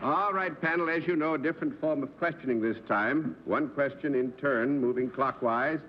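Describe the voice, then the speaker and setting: A man's voice: medium pitch, normal speed. A man hosting a live 1960s television panel game show, genial and chatty, laughing easily with his guests. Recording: dull 1960s TV broadcast audio with faint hiss.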